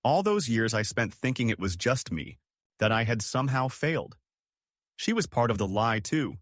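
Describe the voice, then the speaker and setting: A man's voice: medium pitch, very animated, moderate pace, a bit bright, dry recording, studio quality. A man narrating a first-person story in a dramatic scripted storytelling manner.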